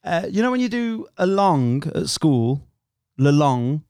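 A young man from Northwest England rambles through stories in a loose podcast chat, breaking into laughs as he goes. His voice sits a little high for a man. The sound is dry, close and without room echo. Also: very animated, measured pace, a little mellow, clear, resonant tone. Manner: rambling storyteller, laughs often. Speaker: podcast co-host. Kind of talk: casual chat.

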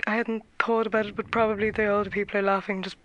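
A woman's voice: mid-range voice, little pitch movement, fast talker, fairly bright tone, lo-fi sound, slight background noise, natural voice. Woman playing a hesitant glum caller. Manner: hesitant, full of ums and uhs. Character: glum woman caller with a sad face, bigoted. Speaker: character caller. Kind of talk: improvised comedy radio call-in.

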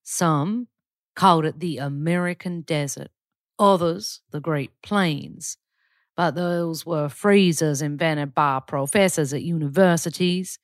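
A woman playing a wistful young frontier woman in a Southern accent, reading a dramatic monologue slowly and reflectively in a low, earthy register. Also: dry recording, studio quality. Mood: wistful, awed. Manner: slow, hushed and reflective.

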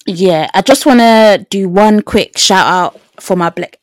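A woman in a relaxed podcast chat, answering briefly and calmly at an even middle pitch. The recording is close and dry, with no room around her. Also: unhurried, no room sound. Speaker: podcast co-host. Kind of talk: casual chat.

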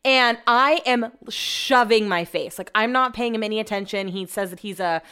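A woman's voice: medium pitch, normal speed, clear, resonant tone. A young woman casually telling a long story, chatty and profane, acting out what people said. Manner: chatty, profane, animated retelling. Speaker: vlogger.

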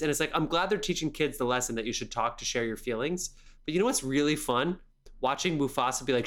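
With a mid-range voice and a brisk delivery, a young male podcast co-host tears into a movie in casual review chat. His rant is animated, full of profanity and mocking quotations.

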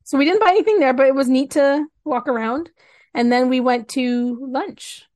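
A Canadian woman co-hosting a podcast, chatting casually and telling stories in an animated way. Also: high-pitched, normal speed, no room sound, clean studio sound. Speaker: podcast co-host. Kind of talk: casual chat.

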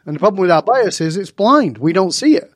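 A man in his sixties from Northern England talks as an interview guest. His voice sits a little high and sounds dry and close, with no room around it. He tells stories with animation, jumping into the voices of the people in them. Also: fairly quick, no room sound. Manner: acts out dialogue with lively voice changes. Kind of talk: animated storytelling in conversation.

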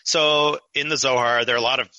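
A man's voice: medium pitch, steady tone, a little fast, bright, forceful tone, dry recording, lo-fi sound. A man, a guest author in a conversational podcast interview, explaining ideas at length, digressive and full of fillers.

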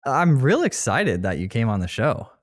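A man hosting a casual podcast interview, chatty and quick to laugh. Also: mid-range voice, sing-song, no echo, clean studio sound. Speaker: podcast host.

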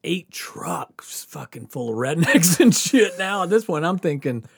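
A man with a gravelly, husky voice spins a story in casual chat, laughing often and acting out what people said. His pitch swings widely and sits a little high. The sound is close and dry. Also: a little slow, dry recording. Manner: animated, laughing often, acts out quotes. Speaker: podcast host.

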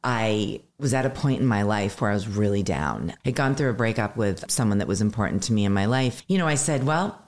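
A woman's voice: very deep voice, darkish tone. A woman in her fifties, a stand-up comedian talking as a guest in a casual interview, telling candid, self-deprecating stories with stammered restarts. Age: 50s.

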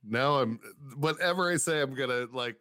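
A man, a stand-up comedian guest, telling stories in a casual interview, animated, acting out the voices of people he quotes and swearing freely. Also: medium pitch, normal speed, no echo, studio quality.

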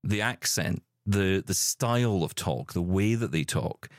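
A man's voice: deep voice, measured pace, dry recording, clean studio sound. A man hosting a tech podcast in casual, jokey chat with his guests. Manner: chatty, jokey, animated. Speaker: podcast host.

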